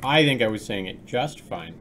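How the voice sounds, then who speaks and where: A man's voice: lowish voice, expressive, moderate pace, fairly bright tone, a little hiss or hum. A man streaming his game development work live, chatting casually with viewers and laughing often.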